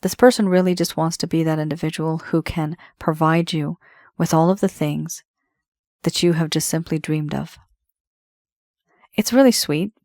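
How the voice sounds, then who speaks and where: Woman tarot reader, fairly low voice, dry close recording, chatty and reassuring to camera. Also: steady tone, moderate pace, long pauses, darkish tone, no echo. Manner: reassuring, conversational, addresses viewer directly. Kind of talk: tarot reading monologue.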